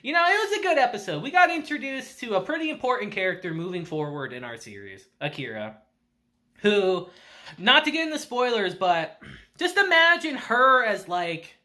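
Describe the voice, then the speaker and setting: A man chats casually while reviewing an anime episode, speaking at a normal speed. His voice sounds bright and forward, jumping around in pitch whenever he acts out the characters' lines, and he laughs often and tosses in casual swearing.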